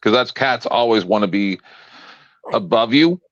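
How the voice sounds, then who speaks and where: A man's voice: on the low side, unhurried, fairly bright tone, dry recording. A man in casual chat on a stream, rambling, blunt and joking, with many restarts. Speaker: co-host. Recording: dull lo-fi sound.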